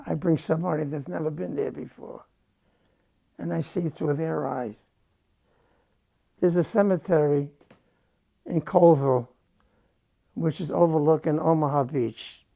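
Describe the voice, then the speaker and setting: An older man giving a halting, emotional personal war testimony, repeating phrases as he recounts. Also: fairly high pitch, fairly even intonation, gravelly, mellow.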